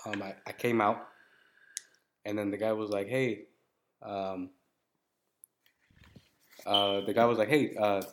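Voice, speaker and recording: A man's voice: slow pace, long pauses. Casual swearing man telling a story. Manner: swearing, animated retelling with bursts of high laughter. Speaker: podcast co-host.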